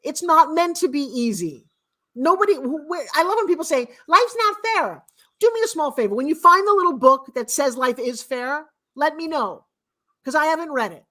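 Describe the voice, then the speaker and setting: A woman's voice: high-pitched, lively intonation, brisk. A middle-aged woman giving a blunt, emphatic motivational talk as a guest speaker and mentor. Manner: blunt and emphatic, with sharp swings in loudness.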